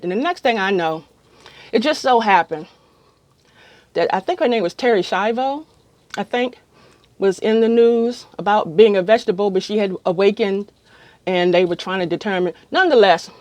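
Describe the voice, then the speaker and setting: A woman's voice: medium pitch, moderate pace, pauses often, darkish tone, no echo. A middle-aged woman casually telling a long, rambling story to camera with many ums. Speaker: vlogger.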